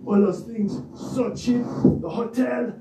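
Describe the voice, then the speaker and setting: A man putting on a voice for an excitable, boastful male character who speaks in childlike broken phrases and calls himself by name. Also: very high voice, slow pace, a little hiss or hum, pitched above the performer's own voice. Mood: eager pleading. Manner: talks about himself in the third person, loud and gushing. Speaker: regular character of a children's Bible show. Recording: roomy echo, distant mic.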